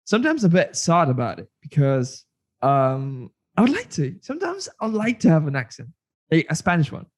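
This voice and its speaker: A man's voice: a little high, wildly swooping pitch, a little fast. A man hosting a podcast in a casual, enthusiastic chat, laughing a lot. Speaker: podcast host. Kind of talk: casual conversation.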